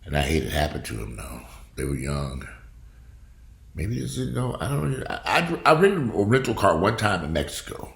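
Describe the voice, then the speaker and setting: Gravelly, blunt man ranting to camera. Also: sing-song, moderate pace, roomy sound. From United States. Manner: profane, blunt, swings from loud outbursts to low grumbling. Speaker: vlogger. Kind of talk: casual ranting monologue to camera.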